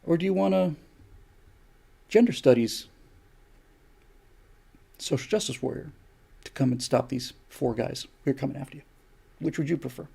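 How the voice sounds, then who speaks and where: An older man holds forth on his live stream, lecturing and firing off one rhetorical question after another. His voice is gravelly, husky and dark. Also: mid-range voice, moderate pace, long pauses. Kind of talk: opinion monologue on a live stream.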